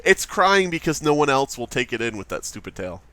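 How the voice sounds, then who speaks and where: A man hosting a let's play, telling stories in casual chat, animated and swearing freely. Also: medium pitch, a little fast, no echo. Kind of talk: casual chat while gaming.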